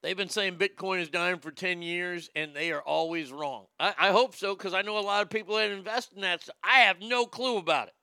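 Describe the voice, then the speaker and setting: A man's voice: sits high, fairly quick, hardly any pauses, bright, forceful tone, clean tone, dry recording, clean studio sound. A man hosting a casual show, reading news headlines aloud with mock drama and swearing through joking reactions. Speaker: podcast host.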